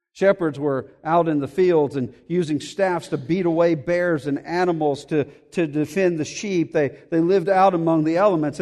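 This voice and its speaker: A man with a high, light voice preaches a verse-by-verse sermon. He talks earnestly and often repeats a word while he gathers his thought. His voice rings out with the long reverb of a large church hall. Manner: earnest, repeats words when thinking aloud. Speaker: pastor. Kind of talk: expository sermon.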